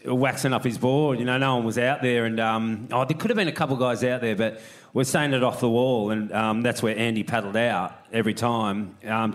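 A middle-aged man tells long stories in a loose, rambling way. He keeps stopping to restart his sentences and fills the gaps with ums and you-knows. This is casual, unscripted chat. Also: mid-range voice. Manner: rambling, full of fillers and restarts. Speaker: guest, retired pro surfer.

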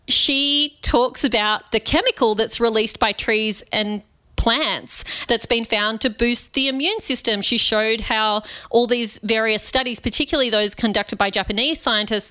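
Bright, higher-voiced woman in casual chat. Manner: earnest, conversational, animated asides. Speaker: podcast co-host. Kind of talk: casual book discussion.

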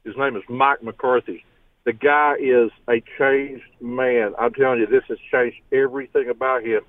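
A man's voice: mid-range voice, steady tone, normal speed, dry recording. A man calling in to a sports radio show, joking and sarcastic. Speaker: caller. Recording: tinny phone line.

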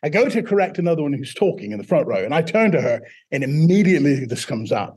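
Husky higher-voiced man telling a story. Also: fast talker, hardly any pauses. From Mississippi, US. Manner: relaxed, anecdotal, self-deprecating. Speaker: teacher and guest. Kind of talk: personal storytelling interview.

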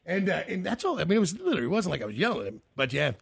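A man's voice: sits high, very animated, racing, gravelly, slightly rough, no room sound. A man chatting casually as a podcast co-host, joking and laughing a lot as he swaps stories. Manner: joking, laughs often, restarts words. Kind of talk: casual chat.

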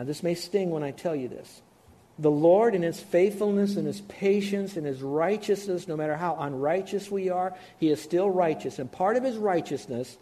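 Animated preacher, mellow, fairly high voice. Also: male voice. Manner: animated, emphatic, talks straight to the listeners. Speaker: pastor. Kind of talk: sermon.

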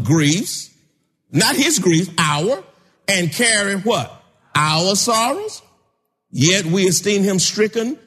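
A man preaching a sermon, calling out to his congregation and rising to shouts. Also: sits high, breathy edge. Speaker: pastor. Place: church sanctuary. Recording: long hall reverb.

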